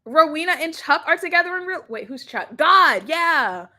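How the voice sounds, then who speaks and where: A woman's voice: high voice, lively intonation, normal speed, bright, forceful tone. A young woman, streaming a casual chat on her laptop. She rambles, laughs often and swears casually. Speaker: livestream reaction host.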